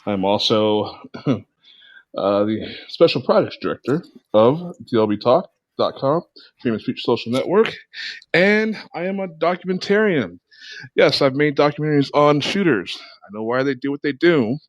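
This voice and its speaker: A man introducing himself on a podcast as a radio host, animated and laughing. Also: mid-range voice, dry recording. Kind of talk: casual self-introduction on a podcast. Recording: dull, lo-fi dry sound.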